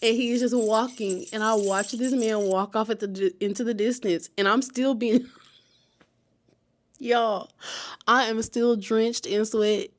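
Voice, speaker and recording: A woman chatting casually to her viewers as she tells a personal story, lively and laughing often. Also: fairly high pitch, a little slow. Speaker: vlogger telling a personal story.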